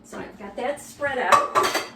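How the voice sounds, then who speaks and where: A woman giving a cooking demonstration in a kitchen, explaining in a relaxed, conversational way with some fillers. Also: fairly high pitch, slow, creaky, roomy sound, recorded from a distance, very noisy.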